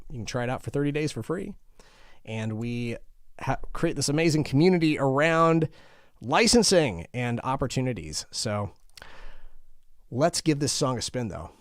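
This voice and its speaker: A man's voice: mid-range voice, no echo, clean studio sound. A man hosting a music feedback livestream, chatting casually with viewers and sounding worn out. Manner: chatty, greets viewers by name. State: tired, low energy. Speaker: host.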